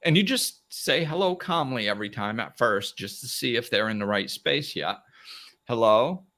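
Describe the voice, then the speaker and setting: Man, host, live motivational talk, bright forceful voice, animated. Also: mid-range voice, moderate pace. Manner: animated, acts out little dialogues, plain-spoken.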